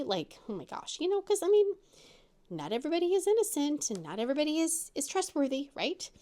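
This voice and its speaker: A middle-aged woman hosting a crafting vlog, telling a story in a rambling, animated way with lots of fillers and restarts, and jumping up in pitch when she quotes other people. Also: brisk. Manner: acts out quoted voices with big pitch jumps. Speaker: crafting channel host.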